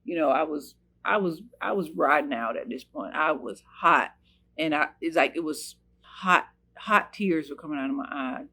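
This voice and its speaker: A woman's voice: low-pitched, moderate pace, pushed and bright, slightly rough. A woman from the United States telling a personal story in an earnest, searching way, with many fillers and restarts.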